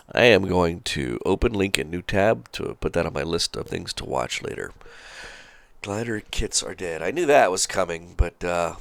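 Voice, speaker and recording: This gravelly, low-voiced man hosts a trucking channel and hails from Charleston, South Carolina. Recorded dry, he rambles in a folksy, casual way, full of fillers and asides.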